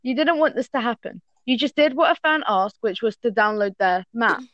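A woman's voice: fairly high pitch, expressive, fairly quick, no room sound, highs cut off. A woman reading fan fiction aloud to friends in a casual call, often stumbling and correcting herself.

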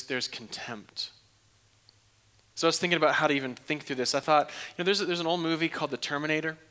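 Preaching as a pastor, this man has a fairly high-pitched voice and an animated delivery. His questions boom emphatically, then drop to almost a whisper, and he repeats phrases for emphasis.

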